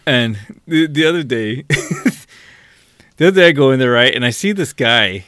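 A man's voice: mid-range voice, expressive, measured pace, pushed and bright, dry recording, studio quality. A man in casual conversation telling a funny anecdote, chuckling and swearing as he goes. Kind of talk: casual chat.

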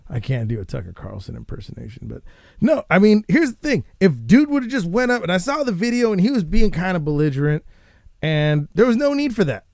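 A man hosting a casual show, ranting and swearing in a rambling, animated way. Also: on the high side, fast, vocal fry, no room sound, studio quality. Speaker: podcast host.

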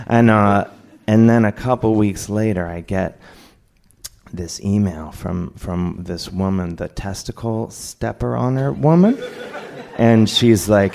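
A man telling a comic personal story on stage, lively and laughing, acting out other people's lines. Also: lowish voice, unhurried, gravelly. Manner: animated, laughing, acts out voices of others. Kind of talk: live comedic storytelling.

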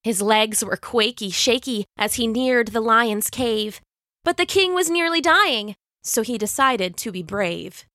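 A woman narrating a rhyming children's story in an expressive, sing-song way. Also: fairly high pitch, a little slow, no echo, clean studio sound.

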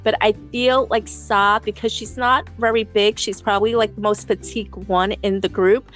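A woman's voice: medium pitch, normal speed, soft background music. Blunt New woman podcaster. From New York City. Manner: blunt, animated, swears freely, many fillers and restarts. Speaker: podcast co-host. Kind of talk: casual chat.

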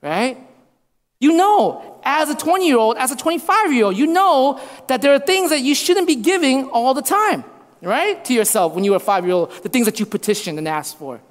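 A man's voice: very high-pitched, lively intonation, normal speed. A man in his thirties preaching a sermon as a pastor, repeating lines for emphasis. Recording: long reverb of a hall.

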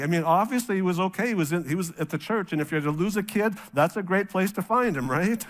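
A middle-aged male pastor from North Dakota preaching a sermon, telling a family story in a casual, animated way and acting out the voices of the people he quotes. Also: high-pitched, fairly quick, hardly any pauses.

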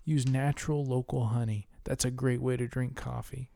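A man's voice: mid-range voice, fairly even intonation, moderate pace, vocal fry, warm tone. A man co-hosting a casual podcast, ranting with heavy profanity. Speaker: podcast co-host.

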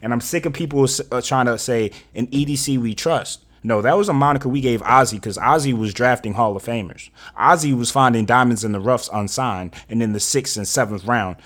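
A man's voice: mid-range voice, fairly quick, few pauses. A man co-hosting a sports talk show, ranting angrily and profanely about his team's coaching and drafting. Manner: angry, profane ranting, rising to shouts. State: fired up and frustrated. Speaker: sports podcast co-host. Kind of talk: heated casual sports rant.

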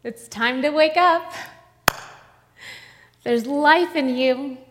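A woman preacher voicing Jesus as a gentle, calm healer who speaks slowly and tenderly. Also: mid-range voice, big-room sound, background noise. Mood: coaxing. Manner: slow, tender.

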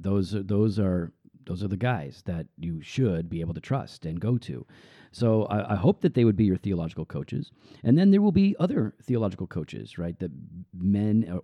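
A man's voice: deep voice, mellow, no echo. A man, a pastor, speaking earnestly and reflectively in a podcast interview. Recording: dull lo-fi dry sound.

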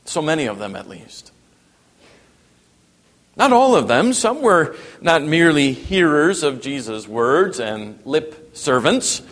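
A man preaching a sermon, dropping to a hush and then rising to emphatic, raised passages. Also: on the high side, big pitch swings, measured pace, few pauses. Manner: wide swings from hushed to emphatic preaching. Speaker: pastor. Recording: long reverb in a hall.

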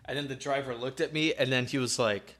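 A man's voice: medium pitch, steady tone, brisk, a bit bright. A young man telling a story in casual chat, loose and slangy, swearing freely and leaning on fillers. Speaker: podcast co-host telling a story.

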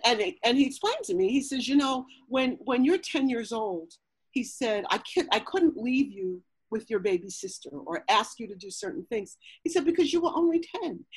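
Husky-voiced woman sharing a personal story. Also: mid-range voice, dry recording, rough recording. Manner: earnest, many fillers and restarts.

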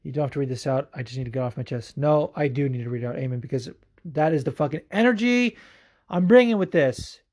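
A man's voice: medium pitch, lively intonation, fast, darkish tone. A man hosting a podcast, answering listener questions in a rambling, profane, casual way with lots of fillers. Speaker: podcast host.

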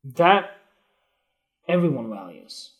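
Casting: man, slightly high-pitched candid live-stream host, swears freely, rambling delivery. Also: very animated, takes it slowly. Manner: candid, swears freely, wanders and restarts, grows emotional. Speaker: photography podcast host. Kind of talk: casual spoken monologue on Instagram Live.

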